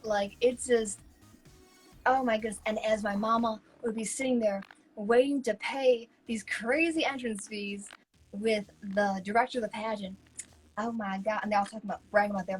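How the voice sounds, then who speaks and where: A woman co-hosting a casual live chat, telling stories in a lively way and acting out other people's lines. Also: on the high side, moderate pace, slightly rough, soft background music, rough recording. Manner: animated storyteller who acts out quoted voices. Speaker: co-host.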